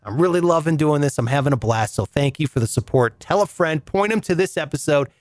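A male podcast host with a naturally high voice, talking in a loose, chatty way as he thanks listeners. His pitch swings up and down a lot. The recording is close and dry, with no room sound. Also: animated, brisk, no room sound. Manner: chatty, reading listener shout-outs. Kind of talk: casual podcast outro.

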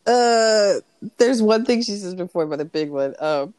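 A woman's voice: medium pitch, expressive, measured pace, darkish tone, no room sound. A young woman co-hosting a podcast, laughing a lot and swearing as she retells movie scenes in casual chat. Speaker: podcast co-host.

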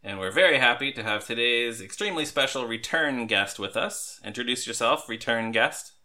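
A man hosting a podcast in casual, chatty talk, quick to laugh. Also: medium pitch, lively intonation, sharp tone. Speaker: podcast host. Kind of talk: casual chat.

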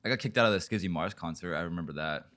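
A podcast host chatting casually, telling rambling, profane stories full of fillers. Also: male voice, sits low, rapid-fire, fairly bright tone.

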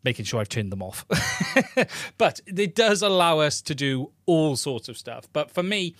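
Male live-stream host, casual and friendly, greets chat by name; fairly high pitch. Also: sing-song, a little slow, a bit bright, no echo, clean studio sound. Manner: chatty, greets viewers by name.

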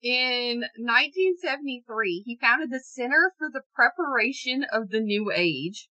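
Bright-voiced sarcastic woman podcaster. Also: on the high side, expressive, a little slow, dull audio. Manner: sarcastic, jokey storytelling with swearing. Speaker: podcast co-host. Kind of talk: casual true-crime podcast chat.

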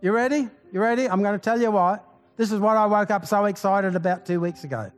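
High-voiced man preaching a fervent sermon. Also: fast talker, faint music behind. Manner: exclamatory, rallying the congregation; folksy asides and rhetorical questions. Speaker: pastor.

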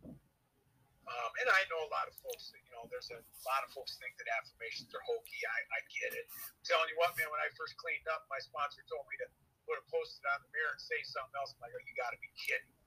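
A man's voice: on the high side, fast talker, sharp tone, slightly rough, rough recording. A man speaking as an interview guest, earnest and emphatic, sometimes dropping to a near-whisper. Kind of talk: candid interview talk. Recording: hard to hear, faint audio.

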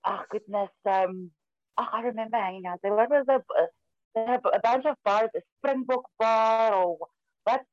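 A woman's voice: a little high, normal speed, dry recording, lo-fi sound. A woman from South Africa with an accent mixing South African and American, chatting as a podcast guest who laughs easily. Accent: South African mixed with American. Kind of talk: casual chat.

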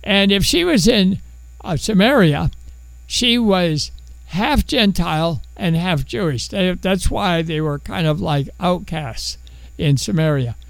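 Male preacher, high lively voice with gravelly edges, animated storytelling sermon, dry sound. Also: slow pace, dry recording, rough recording. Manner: animated storytelling, acts out biblical characters. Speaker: pastor.

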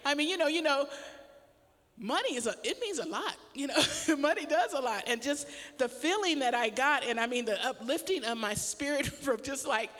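A woman's voice: high voice, moderate pace, long reverb tail. A middle-aged woman pastor tells a personal story in a casual sermon, laughing often as she talks. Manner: animated storytelling with frequent laughter.

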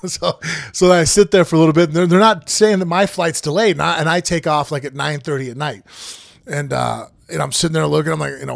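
Rambling storyteller man, gravelly voice. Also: fairly high pitch, fast talker, dry recording, studio quality. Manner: rambling, animated storyteller acting out quoted dialogue. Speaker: podcast co-host. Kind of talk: casual travel storytelling.

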